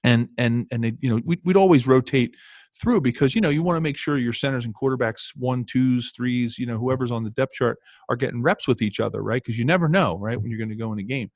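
A former football player telling lively anecdotes in casual chat, with many fillers and restarts. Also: male voice, mid-range voice, fast talker, no room sound.

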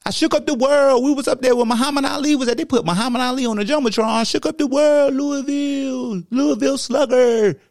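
A man's voice: very high voice, fairly quick, few pauses, a little mellow, no room sound, clean studio sound, pitched above the performer's own voice. A man voicing his own vain, petty, boastful alter ego, who teases in a sing-song way and calls himself a pretty bird. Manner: sing-song, teasing and showy.

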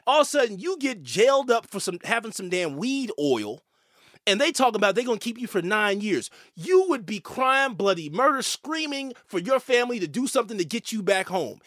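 A man's voice: high voice, dry recording, clean studio sound. A male host, talking emphatically and swearing as he delivers opinionated commentary. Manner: animated, emphatic, swearing, with fillers and repeats.

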